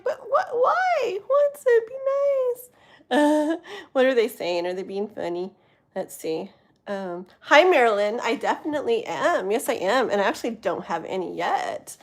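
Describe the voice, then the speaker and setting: A woman in her thirties from the US West Coast, chatting casually on a live stream as a tarot reader, giggling often and easily sidetracked, sometimes dropping to a hushed voice. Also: medium pitch. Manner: drops to a hushed voice at times. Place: home with thin walls.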